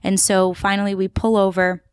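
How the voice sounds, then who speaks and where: This woman, a Queens native who works as an actor and tour guide, chats through a story as a podcast guest, filler words and all. Her medium-pitched voice is clear and resonant, level in tone and moderately paced, recorded in the studio without echo.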